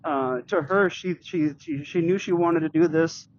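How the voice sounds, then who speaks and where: A middle-aged man vlogging while riding a bike, telling a personal story in a halting, rambling way with many restarts and fillers. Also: a little high, dull audio, a little hiss or hum. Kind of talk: casual storytelling vlog. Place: outdoors on a bike.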